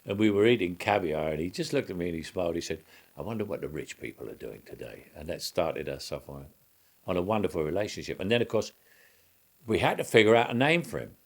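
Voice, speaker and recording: Older actor, deep voice, rambling recollection full of restarts. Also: male voice, lively intonation, quick pace. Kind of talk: reminiscing interview.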